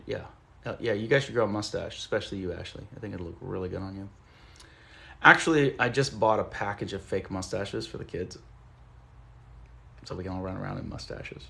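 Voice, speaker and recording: A man's voice: fairly low pitch, lively intonation, a little fast, gravelly, long pauses, sharp tone. A young man hosting a casual live stream from home, rambling loosely and swearing as he reads the chat aloud. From Southern California. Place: at home among plants. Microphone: phone.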